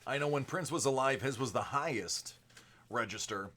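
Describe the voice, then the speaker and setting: A man hosting a live card-break stream, chatting casually with viewers and moving between a projected announcer voice and a softer everyday voice. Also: mid-range voice, normal speed, a little hiss or hum. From United States. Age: adult with a young son. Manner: chatty, answers viewers by name.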